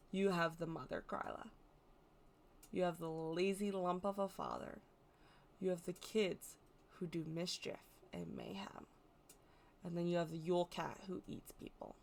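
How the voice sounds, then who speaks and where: Woman, American accent, slightly low voice, casual folklore explainer, playful and chatty. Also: gravelly. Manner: chatty, self-correcting, playful asides. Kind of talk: casual educational talk.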